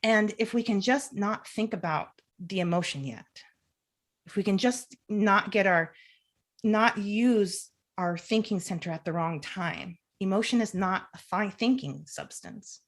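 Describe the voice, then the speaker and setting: A clinical social worker, a woman with a medium-pitched voice, talks unhurriedly as a podcast guest. She explains things at length, frequently restarts her sentences, and animatedly acts out the voices in her head.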